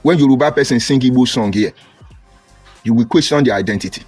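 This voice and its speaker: Soft music plays as a Nigerian-accented man in a mid-range voice speaks a little fast through a political monologue on his live stream. He greets viewers by name, stays combative and mocking, and erupts into loud outbursts.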